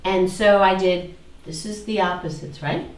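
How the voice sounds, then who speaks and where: A woman's voice: mid-range voice, fairly even intonation, unhurried, reverberant, far from the mic, poor audio. A woman teaching a spiritual talk to a small group, asking them questions and repeating phrases in a singsong.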